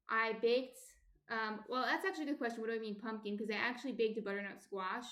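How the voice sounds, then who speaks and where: In a reverberant space, a New Jersey baker with a slightly high, a bit bright voice streams a sourdough tutorial. She chats casually, greeting viewers by name while explaining each shaping step.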